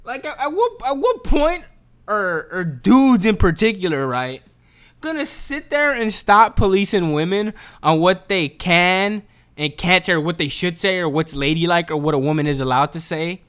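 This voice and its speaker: A man's voice: sits high, expressive, moderate pace, fairly bright tone, clear, resonant tone. A young man ranting casually on camera, profane and slangy, often restarting and repeating his words. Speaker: commentator. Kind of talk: casual opinion rant.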